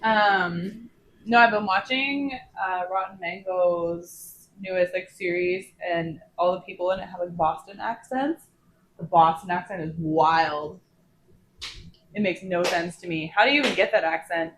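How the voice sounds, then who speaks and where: A woman's voice: on the low side, measured pace, fairly bright tone, a little hiss or hum, rough recording. A woman chatting playfully and teasing while she cooks on a stream in her home kitchen. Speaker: cooking streamer. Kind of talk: casual cooking stream chat.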